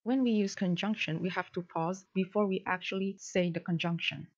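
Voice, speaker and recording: A woman's voice: fairly low pitch, normal speed. Woman reading a formal research talk. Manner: steady, formal reading with a few fillers. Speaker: research presenter. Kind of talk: reading a prepared academic presentation. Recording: dull lo-fi recording.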